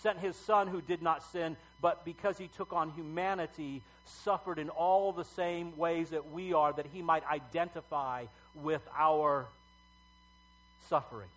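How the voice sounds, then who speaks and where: Conversational pastor with a fairly high voice. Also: male voice, fairly even intonation, a bit bright, low-quality recording. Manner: conversational, halting with fillers, rising to emphatic outbursts. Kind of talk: sermon.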